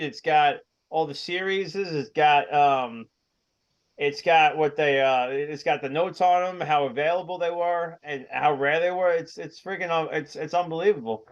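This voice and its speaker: Upbeat man co-hosting a podcast. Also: fairly high pitch. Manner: enthusiastic, laughs often. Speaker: podcast co-host. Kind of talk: casual podcast chat. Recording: dull lo-fi sound.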